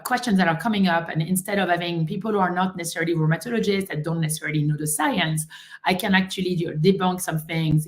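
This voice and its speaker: A woman with a French accent, a rheumatologist hosting a friendly live stream, chatting casually with many fillers. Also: fairly low pitch. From France.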